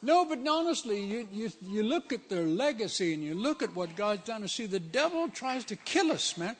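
A man's voice: high voice, very animated, normal speed. A man preaching a sermon in a conversational, emphatic way, with frequent asides.

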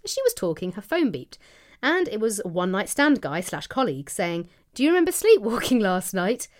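A woman's voice: mid-range voice, sing-song, brisk. A woman co-hosting a podcast, telling a funny anecdote with giggles in casual chat. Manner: giggly, tells anecdotes with laughs. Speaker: podcast co-host.

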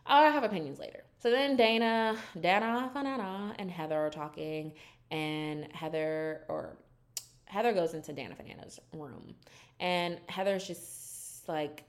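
A woman's voice: fairly low pitch, a little slow. A young woman casually recapping a reality show, chatty and profane, acting out the cast's quotes.

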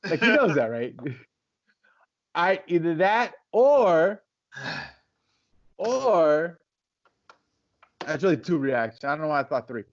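A man with a fairly high voice chats casually as a podcast co-host. He rambles and tells stories, acting out what people say. The recording is dry and a bit dull and lo-fi. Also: very animated, slow pace, pauses often, no room sound. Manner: rambling, storytelling with acted-out quotes.

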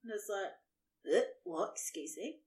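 A woman's voice: mid-range voice, sing-song, unhurried, vocal fry, darkish tone, reverberant. A woman in her thirties, a podcast co-host telling a story in casual chat, acting out the people in it with laughter. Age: 30s.

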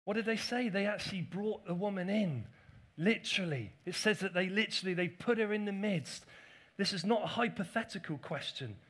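A pastor preaching a sermon to a church congregation, telling the story with playful asides. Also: male voice, high-pitched, animated, fairly quick, fairly bright tone, husky.

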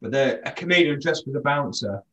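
A man's voice: mid-range voice, animated, a little fast, fairly bright tone. A man, a comedian, chatting casually on a podcast and laughing often. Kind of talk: casual chat.

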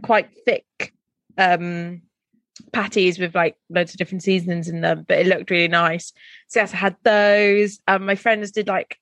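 A woman's voice: medium pitch, no echo. A chatty woman from Wales, speaking, gushes to her co-host in casual podcast talk. Her voice sits mid-range and is recorded dry and close. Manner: chatty, gushing, quick to laugh, lots of fillers. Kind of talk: casual chat.

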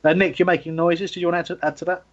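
A man's voice: high voice, flat delivery, rapid-fire, highs cut off. A man hosting a casual football podcast, chatty and self-mocking, often laughing as he talks. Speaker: podcast host.

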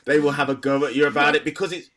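A man's voice: on the high side, little pitch movement, racing, a bit bright. A man with a Black Country accent, a stand-up comedian chatting casually on a podcast, rambling with frequent restarts and laughter. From Black Country, England.

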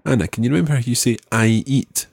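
A male language teacher leading a spoken lesson, patiently modelling words slowly and clearly. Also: mid-range voice, a little mellow, dry recording, clean studio sound.

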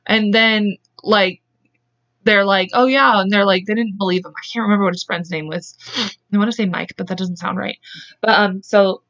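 A woman's voice: mid-range voice, fairly even intonation, fairly bright tone. Give me a woman hosting a true-crime podcast who chats bluntly and acts out each quote, on muffled lo-fi audio. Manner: acts out quotes in quick voices, chatty and blunt. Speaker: podcast host. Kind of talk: casual true-crime storytelling.

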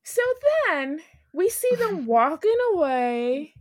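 A woman's voice: high-pitched, big pitch swings, takes it slowly, no echo, clean studio sound. A woman co-hosting a podcast, chatting casually about a reality show and acting out what people said in exaggerated voices. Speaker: podcast co-host.

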